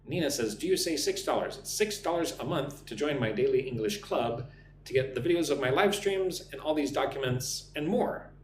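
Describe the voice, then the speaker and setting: A man's voice: mid-range voice, expressive, moderate pace, roomy sound, background noise. A man teaching English on a live stream, reading chat comments aloud and modeling sample interview answers.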